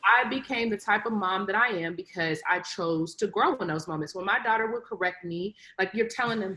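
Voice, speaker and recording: Woman guest on a podcast, mid-pitched, thoughtful advice-giving chat. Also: bright, forceful tone, rough recording. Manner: reflective, advice-giving, quick asides. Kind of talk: casual chat.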